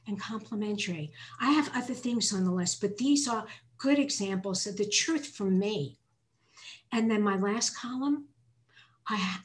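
A woman giving a personal recovery share, earnest and reflective, reading lists aloud from her notes and sometimes restarting as she searches for words. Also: a little high. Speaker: twelve-step program member sharing her step work.

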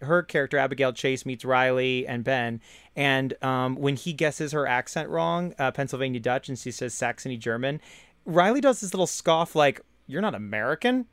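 A man co-hosting a casual film podcast, given to jokey deadpan asides. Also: medium pitch, smooth, no room sound. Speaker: podcast co-host.

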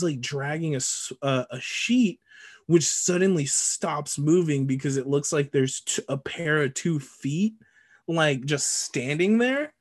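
A man co-hosting a casual movie podcast, recapping scenes in a lively, joking way with frequent laughs and casual swearing. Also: a little high. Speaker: podcast co-host.

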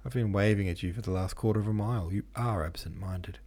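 An emotional young woman on the verge of tears, pleading with her lover, as a man reads her lines. The voice stays low and husky, with a dark, mellow tone. It is a storybook reading, not a full performance. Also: quick pace. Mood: teasing. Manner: pleading, tearful.

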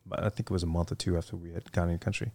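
Deep gravelly man telling war stories. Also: fairly even intonation, rapid-fire, darkish tone, dry recording. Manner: rambling, many fillers and restarts. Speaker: guest, retired Marine officer. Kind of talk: casual interview storytelling.

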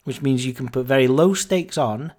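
A man's voice: medium pitch, moderate pace. Chatty man telling a story. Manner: chatty, animated anecdote-telling with fillers and quoted dialogue. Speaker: podcast host. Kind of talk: casual storytelling.

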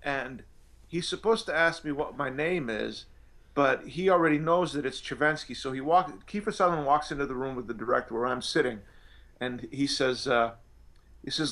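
A man's voice: mid-range voice, moderate pace, a bit bright. A male actor telling anecdotes in an interview, rambling with many restarts and fillers. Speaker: actor guest.

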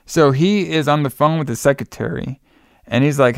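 Clear-voiced man, animated swearing storyteller. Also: on the high side, normal speed, no echo, clean studio sound. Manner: animated storyteller, swears a lot, laughs often. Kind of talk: casual movie recap chat.

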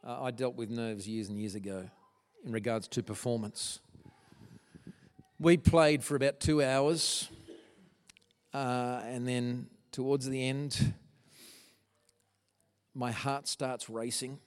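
A man's voice: medium pitch, fairly even intonation, slow pace, long pauses. A middle-aged man giving an earnest, emotional testimony to a church audience, with stumbling restarts. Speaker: guest speaker. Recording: long hall reverb.

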